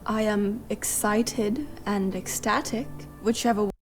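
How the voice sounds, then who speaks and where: A woman plays a dutiful young princess. She speaks slowly and politely. Clear music plays beneath her. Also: medium pitch, natural voice.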